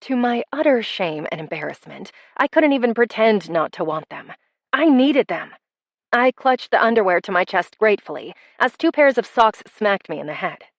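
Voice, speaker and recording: A woman narrating a first-person romance audiobook with wry, expressive delivery. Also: mid-range voice, moderate pace, no room sound.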